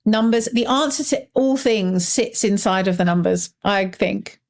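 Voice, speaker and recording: Upbeat woman hosting a podcast. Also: mid-range voice. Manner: quick agreeing interjections, upbeat. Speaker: podcast host. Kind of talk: casual chat.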